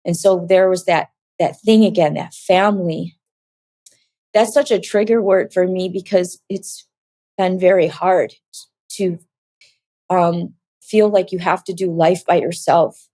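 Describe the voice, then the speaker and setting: A middle-aged woman telling her personal testimony in a soft, halting, reflective way, with many pauses and fillers. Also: lowish voice, steady tone, no echo. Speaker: interview guest sharing her testimony.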